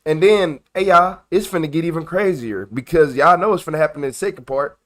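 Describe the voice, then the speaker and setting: A man's voice: on the high side, a little fast, a bit bright. A man hosting a livestream, reacting to police footage in a blunt, slangy, exasperated way. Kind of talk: casual live reaction commentary.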